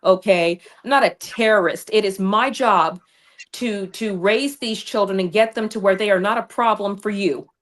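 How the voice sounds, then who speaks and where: A woman's voice: mid-range voice, normal speed. A woman hosting a political talk show over a video call, telling a story with indignant passion. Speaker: political podcast host.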